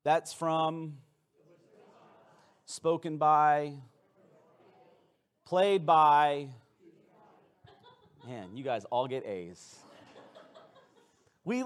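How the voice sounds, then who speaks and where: Man, high-pitched voice, pastor, playful conversational sermon, stumbles and restarts often, church sanctuary. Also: animated, extremely slow, pauses often.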